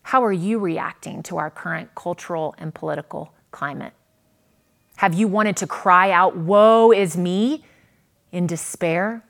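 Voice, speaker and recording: A woman preaching a sermon, earnest, with dramatic pauses and a voice that swells and drops. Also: mid-range voice, a bit bright. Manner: earnest, dramatic pauses, rises and falls in volume.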